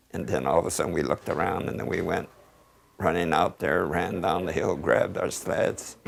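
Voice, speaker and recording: Very deep, slow, gravelly older man. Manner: slow and measured, with fillers. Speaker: interviewee. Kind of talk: recounting childhood memories.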